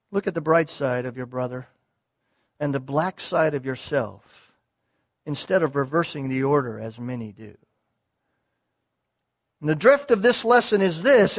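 A man's voice: sits high, fairly bright tone. A man preaching a sermon to his congregation, earnest, repeating key words, with small restarts as he explains. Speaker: pastor.

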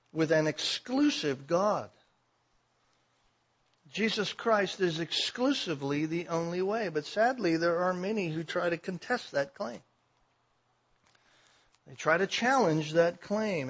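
A man preaching a sermon, swinging between loud declarations and quiet asides. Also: a little high, husky, highs cut off. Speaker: pastor.

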